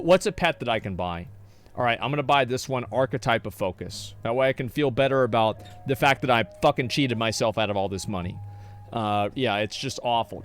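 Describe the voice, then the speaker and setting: A man's voice: medium pitch, a bit bright. A man streaming live, ranting casually and with frequent swearing while he answers chat. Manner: profane, exasperated ranting.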